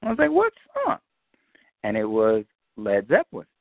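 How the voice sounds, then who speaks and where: Animated storytelling man on a tinny line. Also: fairly low pitch, brisk, no room sound. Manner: animated, profane, acts out quoted dialogue. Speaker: guest musician telling a story. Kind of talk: casual storytelling. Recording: tinny phone-like line, dry.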